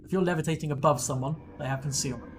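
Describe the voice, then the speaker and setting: A man running a tabletop game, casually reading item rules and scene details. His voice sits slightly high. A steady hiss runs under the stream audio. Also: racing. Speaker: game master.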